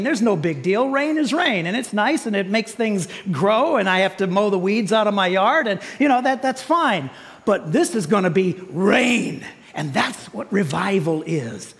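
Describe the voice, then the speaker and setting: A man's voice: extremely high pitch, a bit bright, big-room sound. A male pastor giving a sermon in a church, joking in a conversational way and playfully imitating animal sounds. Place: church sanctuary.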